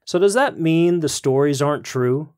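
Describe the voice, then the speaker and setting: A man's voice: on the high side, expressive, normal speed, a little mellow, clear, resonant tone, close to an everyday voice. Smug teasing trickster, stingy and sly, voiced by a man, storybook reading.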